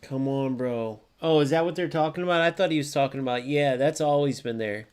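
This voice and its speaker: Excitable young man streaming football game. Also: mid-range voice, brisk, clean tone. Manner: excitable, swears often, reacts loudly to plays; chats with live viewers by name. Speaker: gaming streamer. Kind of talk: live gameplay commentary.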